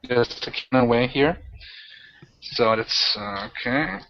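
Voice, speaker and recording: A man's voice: mid-range voice, animated, noisy background. Rambling man running a tabletop game. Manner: rambling, halting, many restarts. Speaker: game master. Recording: dull lo-fi audio.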